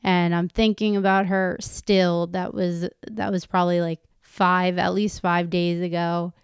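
Slow-talking woman vlogging, rambly and candid, gravelly but smooth, dry close sound. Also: lowish voice, flat delivery, dry recording. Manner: rambling, candid, swears casually, goes on tangents. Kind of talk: casual personal monologue.

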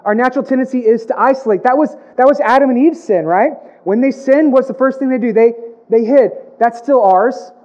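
In a high, somewhat mellow voice, a male pastor delivers a sermon full of repeated phrases and emphasis, mixing in playful asides and comic voices. The audio sounds dull and low-fidelity.

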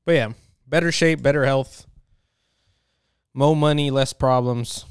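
A man's voice: medium pitch, measured pace, clear, resonant tone, no echo, studio quality. A man talking in a casual, rambling monologue, joking and swearing often, with lots of filler words. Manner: profane, joking, full of fillers.

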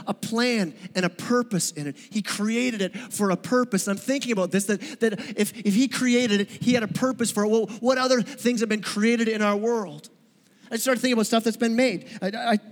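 Guy preaching in a church, kinda high voice, chatty and jokey, long echo off the hall. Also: steady tone, a little fast. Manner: conversational, joking, asks the audience questions. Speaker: pastor. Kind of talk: sermon. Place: church sanctuary.

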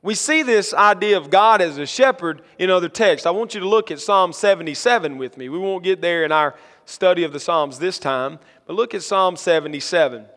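A man with a notably high voice delivers a sermon from the pulpit. He reads scripture slowly and builds to emphatic, rising lines, and his voice rings on in the long reverb of a church sanctuary. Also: lively intonation, fairly bright tone. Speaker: pastor.

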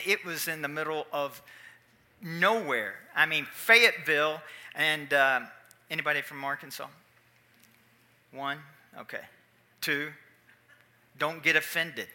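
A man's voice: on the high side, sharp tone. A man, preaching and telling a story in a folksy, chatty way, with asides to the audience. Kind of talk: sermon storytelling.

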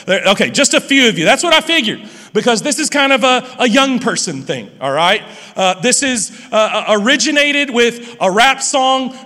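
A man's voice: very high voice, expressive, normal speed, bright, forceful tone. A man preaching a sermon as pastor, playful and talking straight to his audience. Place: large church hall. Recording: long hall reverb.

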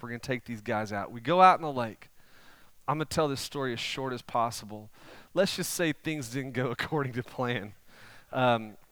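Storytelling Oklahoma pastor, smooth voice. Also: male voice, medium pitch, no room sound. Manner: storytelling, conversational with sudden animated swells. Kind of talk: sermon.

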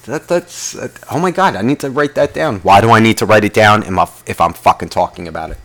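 A man's voice: lowish voice, fast talker, a bit bright. A man hosting a podcast, telling a rambling comedic rant full of swearing and questions to himself. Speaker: podcast host.

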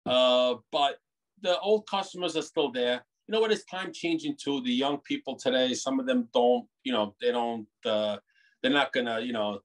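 A middle-aged man born in Italy, a bakery owner, talking in an animated, rambling way with many restarts on a video call. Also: mid-range voice, normal speed. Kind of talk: casual interview over a video call.

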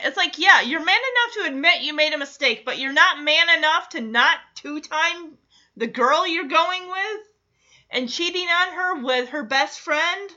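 A woman's voice: sits high, expressive, unhurried, bright, forceful tone. A young woman animatedly recapping a TV episode in a gossipy, teasing way, often laughing. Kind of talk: casual chatty episode recap. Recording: dull lo-fi audio.

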